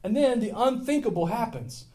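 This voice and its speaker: A man's voice: very high voice, normal speed. Male pastor, middle-aged, conversational sermon, humorous anecdotes, raised voice in a church. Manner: chatty storytelling sermon, self-deprecating humor, lively swings in volume.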